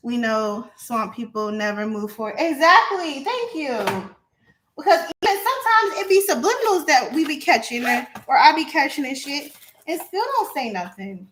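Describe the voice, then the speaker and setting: A young woman on a livestream airs a grievance to her chat in a casual, heated rant. Her voice sits high and rings bright. She swears freely and stacks repeated words for emphasis. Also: big pitch swings, moderate pace, a little hiss or hum. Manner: talks to her chat directly. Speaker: livestream host.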